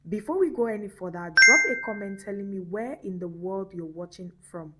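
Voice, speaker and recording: A woman's voice: medium pitch, fairly quick, heavy background noise. A woman giving a dramatic, scripted narration with emphatic phrasing.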